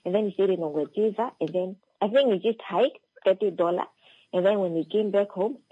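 A woman's voice: mid-range voice, a little fast, husky, no room sound. Young woman telling a story, lo-fi. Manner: relaxed, acts out quoted dialogue. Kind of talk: casual chat, storytelling. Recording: slightly dull, lo-fi audio.

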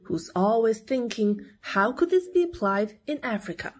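Higher-voiced woman narrating a news report. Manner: measured, even reading. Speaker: news correspondent.

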